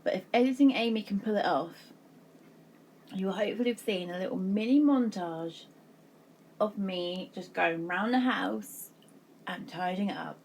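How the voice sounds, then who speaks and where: Chatty woman vlogging from her couch, a bit of gravel in her voice, faint hiss behind. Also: mid-range voice, normal speed, darkish tone. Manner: chatty and self-mocking. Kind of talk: casual chat. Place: home, sitting down.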